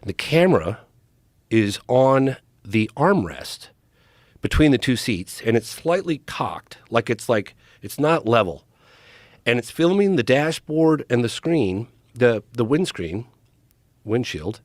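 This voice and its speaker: A man telling a story with excitement and a lively, rising and falling pitch. He sits close to a studio mic in a dry room, speaking as a podcast guest. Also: takes it slowly, dry recording. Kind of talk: animated storytelling.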